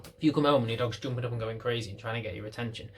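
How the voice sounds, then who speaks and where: Soft music plays in the background as a dog trainer, seated indoors, races through casual, unedited talk to camera in a medium-pitched voice, with many fillers and restarts.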